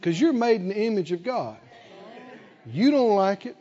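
An older man preaching a sermon, animated with frequent chuckles and slow, emphatic delivery, on a dull lo-fi recording. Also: high-pitched.

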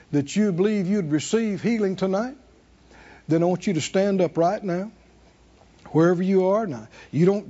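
A high-voiced man preaches in a church sanctuary, animatedly calling on the congregation to answer back in call-and-response. The recording's highs are cut off.

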